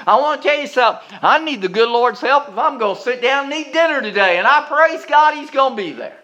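A male pastor preaching a sermon, leading the congregation in call-and-response and climbing higher on emphasis. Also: pushed and bright.

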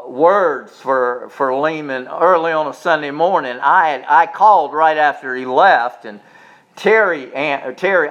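Man preaching a heartfelt sermon. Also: dull audio. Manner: folksy, repeats words, swells to loud preaching highs. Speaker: pastor.

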